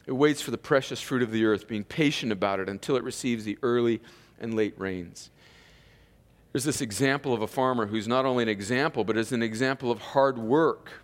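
A pastor from Southern California preaching an earnest, conversational sermon that often turns to his listeners as friends. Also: medium pitch. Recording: long reverb of a large hall.

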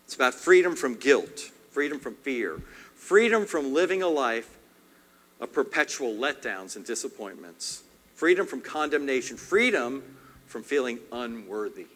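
Pastor guy preaching, bright voice, repeats lines, gets loud then really quiet, big hall echo. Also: medium pitch. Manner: emphatic, swings loud and soft, repeats phrases. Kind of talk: sermon. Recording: long hall reverb.

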